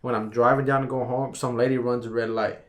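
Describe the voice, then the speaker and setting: A young man, a podcast guest, telling a long personal story in casual chat, rambling and animated and tossing in "bro" all the time. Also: medium pitch, quick pace.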